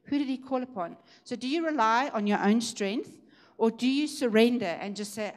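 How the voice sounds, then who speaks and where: A woman delivers a sermon testimony. She tells the story in a lively, conversational way. At the key moments she rises and turns emphatic. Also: normal speed. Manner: lively storytelling, rising and emphatic at high points. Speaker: preacher sharing a testimony.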